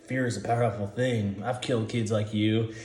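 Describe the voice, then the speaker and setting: A man voicing menacing adult male convicts who taunt in a low, threatening way. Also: steady tone, moderate pace, darkish tone, echoey room, slight background noise, close to an everyday voice.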